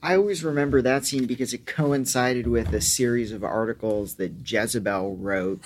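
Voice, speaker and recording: A man's voice: medium pitch, normal speed, few pauses, a little hiss or hum. A man hosting a podcast, reflecting frankly on a past show in a conversational way. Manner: reflective, frank, occasional swearing. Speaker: podcast host. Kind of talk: conversational commentary.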